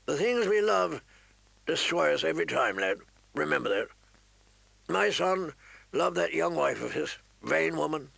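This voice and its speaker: Man voices a gruff old commander, barks orders, raspy edge. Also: on the high side, sing-song, a little slow, pauses often, fairly bright tone, no echo, voice pushed up, full character voice. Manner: growling, commanding.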